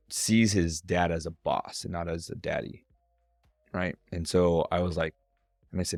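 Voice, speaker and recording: A man's voice: low-pitched, no echo, clean studio sound. A middle-aged man, a strengths coach and guest, telling a personal story on a podcast and acting out voices in the quotes.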